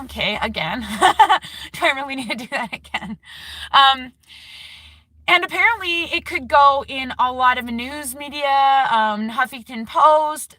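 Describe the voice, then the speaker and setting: A woman's voice: a little high, bright, forceful tone, no room sound. A woman giving a rambling, emotional vlog update from a parked car, laughing often. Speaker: keto YouTuber.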